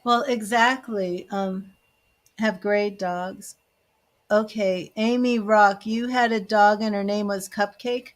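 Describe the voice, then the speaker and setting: A woman's voice: medium pitch, fairly even intonation, slow pace. A woman giving live psychic medium readings, chatty and emotional, with many fillers. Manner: emotional, gushing, tearful at times. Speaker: tarot reader and psychic medium.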